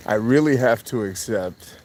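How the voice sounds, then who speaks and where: A man's voice: fairly low pitch, animated, measured pace, a little mellow, a little hiss or hum. A man hosting a live stream, chatting casually with viewers in a blunt, joking way, swearing freely and laughing often. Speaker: podcast host doing a live stream.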